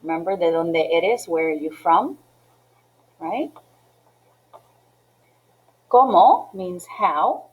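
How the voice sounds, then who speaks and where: A woman teaching a class in a patient, step-by-step way. Her voice sits slightly low, and she keeps checking in with "okay?" and "right?" as she goes. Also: expressive, slow, long pauses, narrow, tinny audio. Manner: mixes English with Spanish phrases. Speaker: Spanish teacher. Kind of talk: classroom lesson walkthrough.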